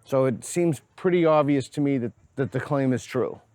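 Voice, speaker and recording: A man's voice: medium pitch, moderate pace, a little mellow, no room sound. A man with a Boston accent hosting a casual street interview, playful and teasing. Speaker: host. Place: outdoors on a college campus.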